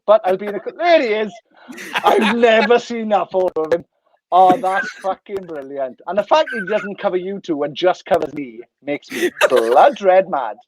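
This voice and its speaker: A man's voice: high voice, expressive, moderate pace, rough recording. A Welsh man as a guest on a podcast video call, cheeky, self-mocking and sweary. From Wales. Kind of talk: casual chat.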